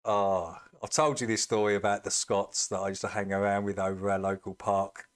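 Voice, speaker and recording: A man's voice: on the low side, level tone, fairly quick. A man chatting casually as he reacts to a video, amused and laughing easily.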